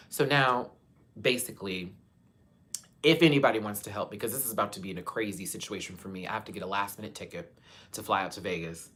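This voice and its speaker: A young man from Texas, hosting a live chat and talking frankly to his viewers, his voice swinging between soft and loud. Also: on the low side, fast. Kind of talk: candid live-stream talk to viewers.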